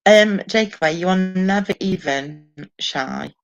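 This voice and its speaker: Her voice is on the low side and gravelly, moving at a measured pace. She's a live stream host sitting alone at home, casually reading out viewer comments with lots of swearing and laughter. The audio sounds dull and lo-fi.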